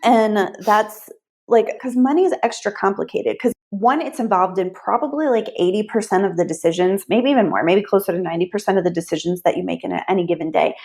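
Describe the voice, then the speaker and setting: A woman money mindset coach speaks as a podcast guest, explaining her ideas earnestly. Her pitch sits in a middle range, and she often pads her sentences with "like". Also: fairly quick, vocal fry, a little mellow. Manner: earnest explaining, many "like" fillers.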